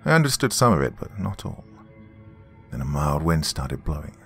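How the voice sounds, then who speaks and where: A man narrating a horror story in a measured, dramatic way, with a gravelly voice. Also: a bass voice, sing-song, faint music behind.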